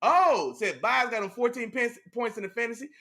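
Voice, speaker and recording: Excitable high-voiced man talking football. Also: brisk. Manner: animated, slangy, repeats "you know what I'm saying". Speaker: podcast host. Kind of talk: casual sports talk with live chat.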